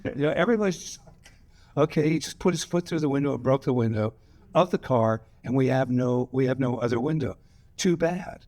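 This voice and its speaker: A man's voice: mid-range voice, fairly quick, a little mellow, dry recording. An older man, a guest actor at a screening Q&A, telling loose, profane, laughing anecdotes on a cinema stage. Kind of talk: rambling anecdotal storytelling. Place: cinema stage before a live audience.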